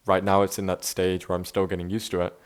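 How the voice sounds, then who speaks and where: This young male vlogger talks fast in a low-pitched, completely flat voice. His unscripted piece to camera is casual, reflective and chatty, full of restarts and frequent "bro" and "man," with an easygoing manner.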